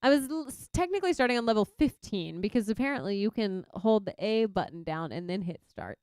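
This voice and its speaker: A young Texan woman streaming a game and chatting casually, reacting loudly to her viewers. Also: mid-range voice, very animated, brisk, smooth, dry recording, studio quality. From Texas. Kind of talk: casual chat while gaming.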